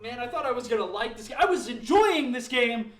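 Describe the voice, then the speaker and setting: A man's voice: extremely high pitch, animated, a little fast, fairly bright tone. A young man ranting dramatically while playing a game at home, pacing around and moving closer to and farther from his mic. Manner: rambling, dramatic, self-mocking; paces about the room, moving toward and away from the mic. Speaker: gaming YouTuber. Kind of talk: ranting gameplay commentary. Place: home room at his computer. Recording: echoey room, varying distance from the mic.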